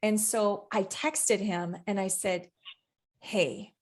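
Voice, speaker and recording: A woman's voice: medium pitch, steady tone, slow pace, darkish tone. A woman co-hosting a podcast and coaching, chatting casually and candidly, swearing freely as she tells stories with animation.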